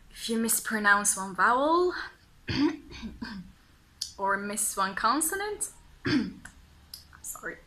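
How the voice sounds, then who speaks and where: Slow, bright-voiced young woman teacher. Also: a little high, slight background noise, rough recording. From Tunisia. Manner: playful, slow and carefully enunciated. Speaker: English pronunciation teacher. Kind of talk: video pronunciation lesson.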